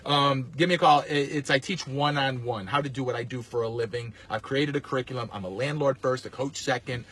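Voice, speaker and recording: A man, a landlord and coach, rambling in a casual, salesy pitch to camera. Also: a little fast, a bit bright, breathy edge. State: out of breath. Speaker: landlord and real estate coach.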